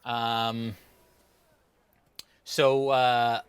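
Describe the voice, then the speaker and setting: A man running a tabletop game as dungeon master, narrating with animated energy. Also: medium pitch, very slow, smooth, no room sound.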